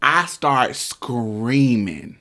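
A young man telling a story in casual chat, animated and laughing, with sound effects. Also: mid-range voice, very slow.

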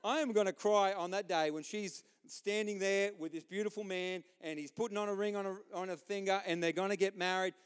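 A middle-aged man preaching a sermon as a pastor, impassioned, swinging between loud outbursts and quiet asides. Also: high-pitched, steady tone, fairly quick, hardly any pauses, clear, resonant tone, in a large hall.

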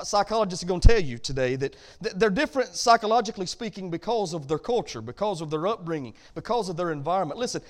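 A middle-aged man, preaching a sermon as pastor in a folksy way that builds to emphatic points. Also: sits high.

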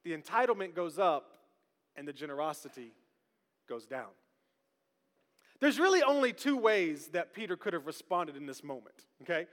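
A male pastor preaching a lively, humorous sermon and calling out to the congregation. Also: a little high, normal speed, pauses often. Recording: long reverb of a large hall.

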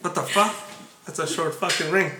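High-pitched man, crude comedic storyteller, echoey room. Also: normal speed. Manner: profane, slangy, laughing. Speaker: podcast host. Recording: echoey room, loud background noise.

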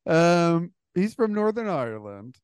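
A man's voice: a little high, very animated, a little slow, darkish tone. A man co-hosting a podcast in casual chat, joking and rambling with restarts. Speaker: podcast co-host.

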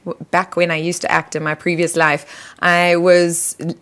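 A woman hosting a radio show, chatting casually and telling animated stories. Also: fairly low pitch, moderate pace. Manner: animated storyteller, acts out quoted voices. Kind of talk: casual conversational interview.

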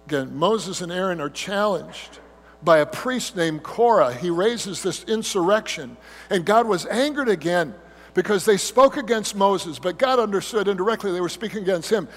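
A man preaching a sermon as pastor, telling the story with animated delivery and mimicking whiny grumbling voices. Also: high-pitched, measured pace. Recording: hum with long hall reverb.

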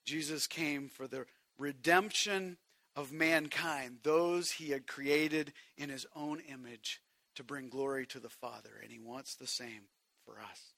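A man preaching a sermon to a congregation, swinging from hushed, quiet passages to shouted emphasis and speaking directly to his listeners. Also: medium pitch, steady tone, a little slow, vocal fry, no room sound. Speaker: pastor.

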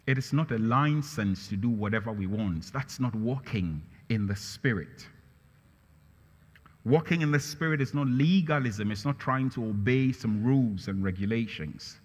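Pastor, male, mid pitch; emphatic preacher who repeats lines, recorded in a reverberant church hall. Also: normal speed. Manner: emphatic, rises in pitch and volume on key phrases. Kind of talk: sermon.

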